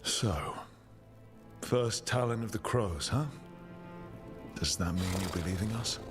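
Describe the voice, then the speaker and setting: A man's voice: lowish voice, takes it slowly. An actor playing an affectionate, playful man in a fantasy video game, with a teasing way of talking. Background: game music.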